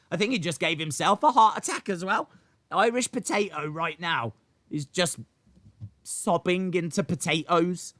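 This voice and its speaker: A man's voice: fairly high pitch, fairly bright tone, no echo. A man hosting a casual live watch-along stream. He rambles, frets aloud and talks back to his chat.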